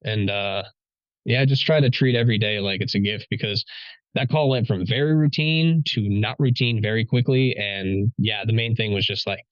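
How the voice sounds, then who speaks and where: A police officer guest telling a story in a casual podcast chat, rambling with many fillers and a wry sense of humor. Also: male voice, lowish voice, moderate pace, dry recording, lo-fi sound.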